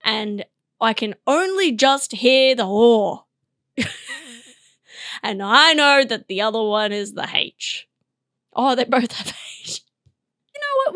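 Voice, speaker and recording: A woman's voice: a little high, a bit bright, no echo, studio quality. A woman hosting a solo comedy podcast, rambling and giggling as she mocks herself. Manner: rambling, giggly, self-mocking. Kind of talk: solo comedic review monologue.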